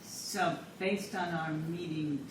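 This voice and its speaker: This speaker keeps asking practical questions about the meeting plans. The voice comes from away from the microphone in an echoey room, with clear hiss behind. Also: medium pitch, steady tone, takes it slowly. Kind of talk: casual committee meeting talk. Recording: echoey room, distant mic.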